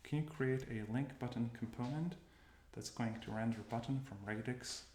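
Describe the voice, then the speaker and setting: A man's voice: medium pitch, moderate pace, a little mellow. A man casually narrating his coding session. He thinks aloud, stops often and corrects himself. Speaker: developer demoing his coding workflow. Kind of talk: casual screencast commentary. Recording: roomy with noticeable background noise. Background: keyboard typing and mouse clicks.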